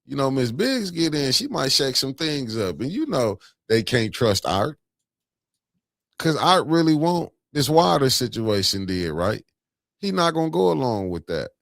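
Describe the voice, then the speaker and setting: A man's voice: medium pitch, very animated, a little slow, creaky, dry recording, studio quality. A middle-aged man, hosting a casual political chat, laid-back and sarcastic, often laughing. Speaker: host.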